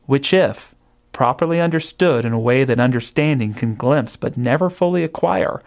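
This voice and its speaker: Man, reflective spiritual commentary, thoughtful, rhetorical questions, mid pitch. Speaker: narrator.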